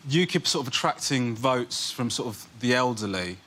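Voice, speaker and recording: A man's voice: mid-range voice, animated, moderate pace, heavy background noise. A man, a comedian on a panel show, riffing with rambling hedges and fillers. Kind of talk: stand-up style panel riff. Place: TV studio.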